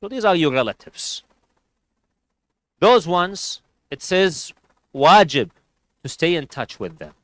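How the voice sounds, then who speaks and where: A man's voice: fairly high pitch, sing-song, slow, pauses often, fairly bright tone, no echo, poor audio. A man giving a sermon at a community gathering, earnestly advising parents and families and mixing in Arabic religious phrases. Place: community centre hall.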